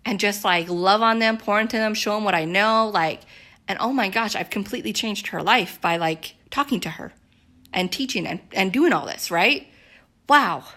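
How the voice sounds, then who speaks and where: A young woman talking casually to her viewers in an excitable, chatty way, full of "like" and "you guys". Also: mid-range voice, moderate pace. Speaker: network marketing vlogger. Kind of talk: casual direct-to-camera pitch.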